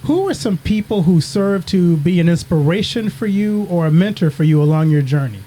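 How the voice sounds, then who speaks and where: A man's voice: sits high, expressive, normal speed, warm tone, a little hiss or hum. A man hosting a podcast, introducing his guest and asking questions in an upbeat way. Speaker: podcast host. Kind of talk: podcast interview.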